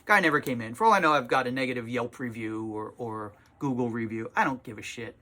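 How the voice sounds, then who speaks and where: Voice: medium pitch, fast talker, bright, forceful tone. A tired comic shop owner talking in a casual vlog from the small shop, exasperated and sarcastic, swearing freely.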